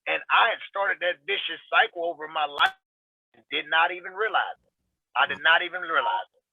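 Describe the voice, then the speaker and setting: A man's voice: high-pitched, animated, brisk, gravelly, a little hiss or hum. Earnest man on a tinny call line. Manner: earnest, emphatic, repeats phrases for weight. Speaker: guest sharing recovery testimony. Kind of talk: casual testimony on a talk show. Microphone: video call. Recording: tinny video-call audio.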